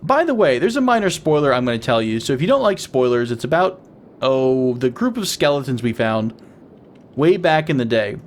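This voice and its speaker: A man's voice: medium pitch, very animated, normal speed. A young man giving playful, casual commentary on his game as the host of his gaming channel, laughing often with wheezing giggles.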